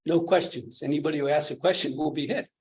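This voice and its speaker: A man voicing a stern, gruff old Zen master in a retold story. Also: fairly high pitch, fast talker, a little mellow, voice pushed up.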